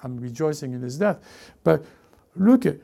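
A male pastor delivers a lively sermon in a mellow, gravelly voice pitched a little high. He acts out the voices he quotes and often restarts his sentences as he preaches. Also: moderate pace.

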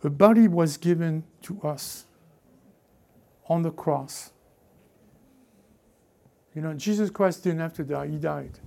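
A man delivers a sermon with a gravelly, mellow tone. His preaching is fervent and repetitive, built on call-and-response. He swings from loud urging to hushed asides. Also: fairly high pitch, takes it slowly, long pauses.

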